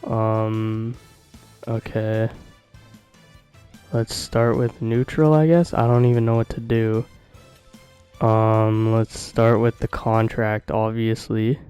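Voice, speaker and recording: A man commenting on a video game in a casual, slangy way, chatting straight to his viewers and getting excited easily. His voice is smooth and clean, though his pitch stays fairly flat. Faint music plays underneath. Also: poor audio. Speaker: gaming video host.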